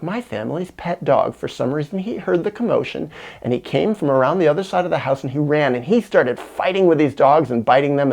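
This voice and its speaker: A middle-aged man telling a personal childhood story as a solo monologue, animated and dramatic, swinging between loud and hushed. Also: fairly high pitch, vocal fry. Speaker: channel host.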